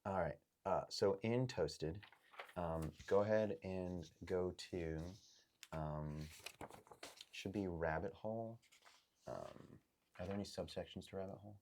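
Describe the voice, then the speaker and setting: A man running a tabletop game as game master, explaining in a halting way full of ums and likes. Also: low voice, a little mellow, slight background noise.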